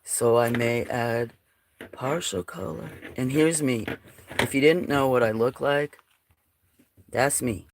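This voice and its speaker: A woman with a croaky, frog-like voice hosting a casual livestream, rambling, laughing often and reading out her chat. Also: very deep voice, slow, long pauses. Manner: chatty, rambling, laughs often, drops to a near whisper at times. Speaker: livestream host.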